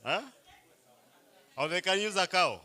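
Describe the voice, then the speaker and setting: A man's voice: high-pitched, lively intonation, measured pace, bright, forceful tone. A man, playfully coaxing a crowd as he leads a group icebreaker game at a live event. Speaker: workshop facilitator.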